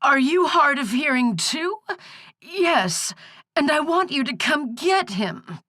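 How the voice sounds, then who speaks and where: A woman putting on a croaking old crone voice for a cantankerous, hard-of-hearing country woman on a phone prank. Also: sits high, animated, slow pace, sharp tone, dry recording, clean studio sound, pitched above the performer's own voice, full character voice. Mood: cranky. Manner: cantankerous, folksy drawl.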